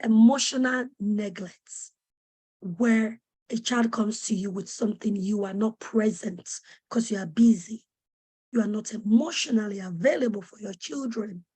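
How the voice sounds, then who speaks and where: A woman with a medium-pitched, mellow voice that has a breathy edge speaks at an unhurried pace. She is giving a parenting webinar, teaching parents earnestly with urgent, preacher-like emphasis and repeating her questions to drive the point home.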